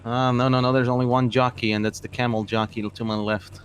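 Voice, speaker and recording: A man's voice: medium pitch, flat delivery, a little hiss or hum. Joking man trading crude banter. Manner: joking, crude, quick to swear back. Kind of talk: casual in-game roleplay chat.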